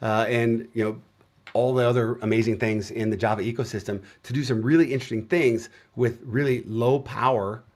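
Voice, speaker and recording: Middle-aged man, casual guest, talks through his ideas with many fillers, average pitch. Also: a little fast. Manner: relaxed storytelling with frequent "uh" fillers. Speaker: guest software developer. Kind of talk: casual conversation on a video show.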